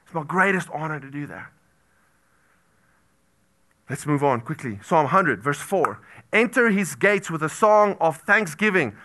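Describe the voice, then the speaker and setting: Man, pastor, sermon, bright tone, slightly high pitch, repeats phrases for emphasis. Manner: animated, swings from loud exclamations to hushed near-whispers.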